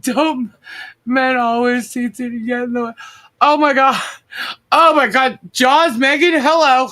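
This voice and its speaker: A woman's voice: high voice, unhurried, fairly bright tone. A woman hosting a live online show, laughing constantly as she reads out viewer comments. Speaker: livestream host.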